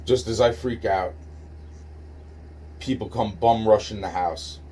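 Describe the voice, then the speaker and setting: A man's voice: on the low side, measured pace, mellow. A man casually telling a personal story, rambling and profane, with many restarts and fillers. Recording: distant mic with faint noise.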